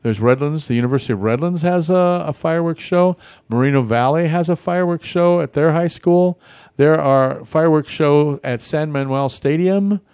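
A man's voice: a little high, moderate pace, darkish tone, clear, resonant tone, no room sound, clean studio sound. A man hosting a casual local radio talk show, rambling and friendly with many fillers and restarts. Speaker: radio host. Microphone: studio mic.

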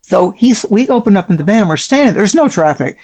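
A woman who is a psychic guest on a show, telling a story casually and acting out other people's voices with big jumps in pitch. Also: animated, fairly quick, darkish tone, slightly rough.

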